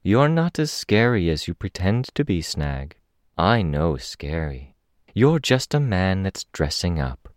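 A man reading the lines of a gentle, calm masked woman who speaks softly and patiently. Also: low-pitched, measured pace, hardly any pauses, clear, resonant tone, dry recording, studio quality. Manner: soft, patient, soothing.

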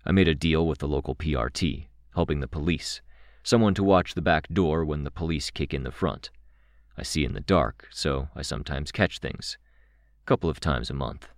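A man voicing a quiet, wistful middle-aged uncle who speaks in a soft, measured way. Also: a bass voice, dry recording, clean studio sound.

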